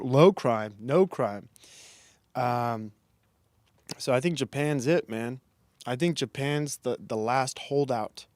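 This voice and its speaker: A man's voice: mid-range voice, darkish tone, no room sound, clean studio sound. A young man rambling through a self-deprecating comedic livestream monologue and reading the chat. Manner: rambling, self-deprecating, frequent restarts and laughs. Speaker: streamer and comedian.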